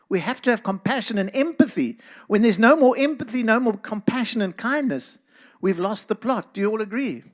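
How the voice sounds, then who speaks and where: A middle-aged man with a South African accent, giving an earnest talk to a church congregation and speaking to listeners by name. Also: high-pitched. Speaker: guest speaker.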